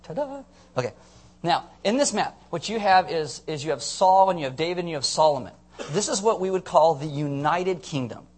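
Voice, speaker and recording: A man's voice: a little high, fairly quick. A man preaching a teaching sermon to a congregation, playful and jokey, often checking that listeners are following. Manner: playful, jokey asides, audience check-ins. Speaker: pastor.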